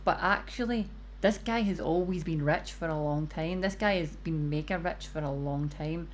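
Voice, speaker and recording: A woman's voice: lowish voice, normal speed, a little hiss or hum. A woman streamer giving casual commentary, rambling with lots of "like" as she explains her view. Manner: rambling, many fillers of "like".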